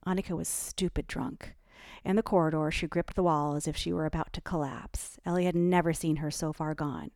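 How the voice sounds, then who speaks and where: A woman narrating a novel in an even, measured storytelling manner. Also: low-pitched, dry recording, studio quality. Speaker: audiobook narrator. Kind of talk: scripted narration.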